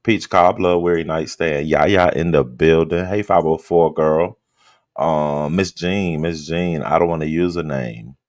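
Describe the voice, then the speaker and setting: Very deep-voiced man hosting a late-night stream. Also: a little slow, no room sound, studio quality. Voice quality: just-woke-up low drawl. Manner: relaxed, greets chat members by name. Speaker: livestream host. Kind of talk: late-night casual livestream chat.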